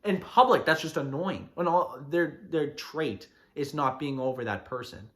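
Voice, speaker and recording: A man rants through his own podcast, getting fired up and mocking people as he goes. His voice swings widely up and down in pitch, never staying flat for long. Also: moderate pace. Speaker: podcast host. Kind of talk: casual ranting monologue.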